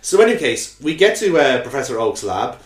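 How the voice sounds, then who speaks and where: A man co-hosting a casual recap podcast, chatty and quick to laugh, breaking into little character impressions. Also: medium pitch, big pitch swings, roomy sound. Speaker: podcast co-host recapping a cartoon. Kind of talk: casual chat.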